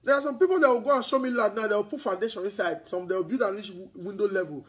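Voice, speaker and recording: Excitable Nigerian man, high husky voice. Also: fast talker, poor audio. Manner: mixes Pidgin into English, repeats himself, turns loud and excited. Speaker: real estate agent. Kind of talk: sales broadcast monologue.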